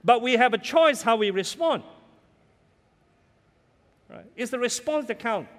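A man's voice: very high-pitched, animated, measured pace. A middle-aged man, preaching a sermon as pastor, telling stories earnestly and building to emphatic peaks. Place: church sanctuary. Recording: reverberant church hall.

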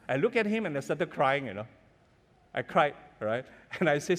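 A middle-aged man preaches from the pulpit, his voice sitting a little high. He tells stories earnestly and builds to strong, emphatic peaks. His words ring out into a church hall with a long reverb. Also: animated, brisk. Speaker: pastor. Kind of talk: sermon. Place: church sanctuary.

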